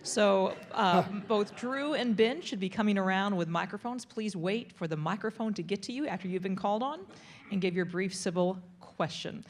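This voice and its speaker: A woman with a mid-pitched voice moderates a live public conversation. She is brisk and organized and keeps a friendly tone as she asks questions and runs the audience Q&A. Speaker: event moderator.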